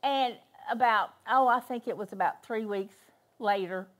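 A woman's voice: a little high, normal speed, a bit bright. An older woman preaching in a church, telling a story with emphatic repetition. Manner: storytelling, emphatic, repeats key phrases. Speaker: guest minister. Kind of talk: sermon.

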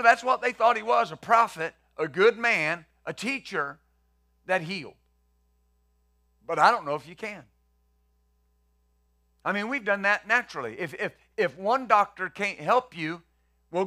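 A man's voice: high voice, bright, forceful tone. A male pastor preaching a conversational sermon, acting out the quotes he reads and the questions he poses.

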